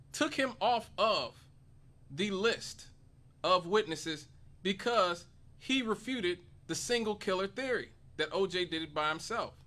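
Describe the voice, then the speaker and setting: A man's voice: high voice, pushed and bright. A man hosting a talk radio show, delivering an emphatic monologue and building his case with rhetorical questions. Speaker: radio host.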